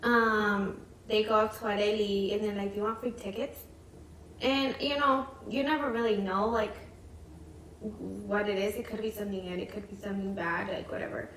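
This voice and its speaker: A woman's voice: medium pitch, fairly even intonation, moderate pace, fairly bright tone. A young woman, a mother and co-host, telling family stories in a casual chat, full of "like"s and quoting her kids. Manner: chatty storytelling, many "like"s, quoting her kids. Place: home. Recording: echoey room, mic at a distance, faint noise.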